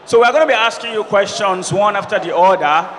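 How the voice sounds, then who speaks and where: A man moderating a student debate in a hall, pleading loudly and formally with a noisy audience, repeating his pleas. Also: sits high, fast talker, a faint crowd. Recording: reverberant hall with background noise.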